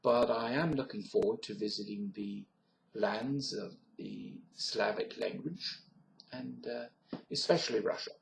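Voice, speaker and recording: A man's voice: lowish voice, a little slow, vocal fry, a little hiss or hum. A man in a casual monologue about accents, rambling and hesitant with many fillers and self-corrections, recorded on a webcam. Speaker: vlogger demonstrating accents. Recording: echoey room on a webcam.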